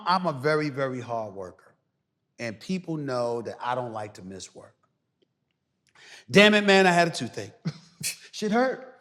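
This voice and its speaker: A middle-aged man as a guest commentator, talking loudly and emphatically on a podcast. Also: high voice. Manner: loud, animated, preacher-like emphasis. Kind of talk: emphatic podcast interview talk. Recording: reverberant room.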